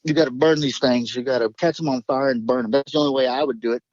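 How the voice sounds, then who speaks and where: A man's voice: medium pitch, steady tone, fast talker, a little mellow, dry recording, highs cut off. A man telling his story in a rambling, emphatic way, swearing and jumping between thoughts. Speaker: guest recounting an encounter.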